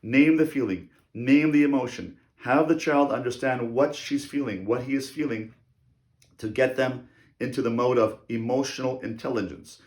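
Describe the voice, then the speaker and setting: A man teaching as a rabbi in a religious lecture on parenting, speaking deliberately and repeating key phrases for emphasis. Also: mid-range voice, reverberant.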